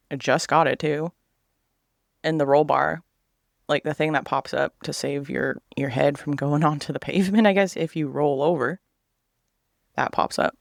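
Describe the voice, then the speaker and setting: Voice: mid-range voice, creaky, no echo, clean studio sound. A man in his thirties telling a personal story in a casual vlog chat, swearing freely and acting out what other people said.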